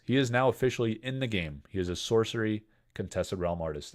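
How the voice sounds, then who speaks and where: A man's voice: on the low side, lively intonation, brisk, few pauses. A man hosting a casual livestream, joking and rambling while he reads chat comments aloud. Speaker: livestream host selling card breaks.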